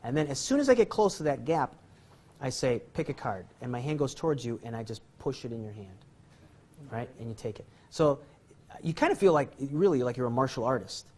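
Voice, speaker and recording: Here the magic teacher has a somewhat dark, mid-range voice with a sing-song lilt and a slightly quick pace. He walks through card tricks informally, rambling and poking fun at himself with plenty of chuckles.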